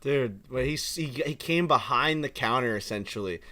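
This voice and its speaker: A young man co-hosting a podcast, telling stories in an animated, profane way that gets loud when he is worked up. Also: medium pitch, normal speed. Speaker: podcast co-host. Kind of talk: casual podcast chat.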